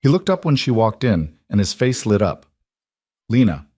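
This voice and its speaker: Low-voiced man reading a dramatic story. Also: very animated, normal speed, darkish tone, no room sound, clean studio sound. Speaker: narrator. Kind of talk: scripted story narration.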